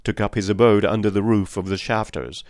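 A man narrating an audiobook with measured storytelling. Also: fairly low pitch, a little mellow, no room sound, clean studio sound. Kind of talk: scripted narration.

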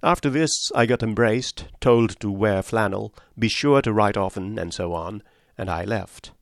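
Gravelly male audiobook narrator. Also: fairly low pitch, no room sound, clean studio sound. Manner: measured, steady storytelling.

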